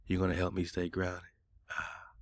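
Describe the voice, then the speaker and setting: A man's voice: sits low, monotone, moderate pace, no room sound. A man hosting a casual radio talk show, arguing back in loose, colloquial speech. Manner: argumentative, colloquial, talks back at a chatbot.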